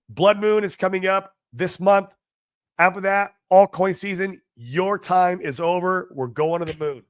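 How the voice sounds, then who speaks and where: Brash, excitable man hosting a livestream. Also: fairly high pitch, no echo, studio quality. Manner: brash, excitable, swears, answers chat. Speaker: livestream host. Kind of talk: casual crypto livestream chat.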